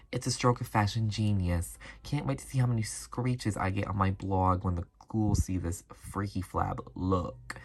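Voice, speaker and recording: A doll reviewer voicing a sassy teen werewolf girl fashionista, reading a card in a showy, British-tinged put-on accent. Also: mid-range voice.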